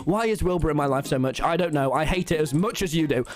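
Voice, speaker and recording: Excitable teenage boy telling a story. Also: on the high side, fast talker. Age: teens. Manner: excitable, rambling, swears a lot, frequent restarts. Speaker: streamer. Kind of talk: animated storytelling to an audience.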